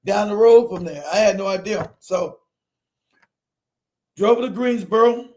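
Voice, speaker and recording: A middle-aged man with a strikingly high voice tells a personal story in a loose, conversational way. He is animated and profane, laughing often and acting out every quote. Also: unhurried. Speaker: streamer telling a personal story. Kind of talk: casual storytelling.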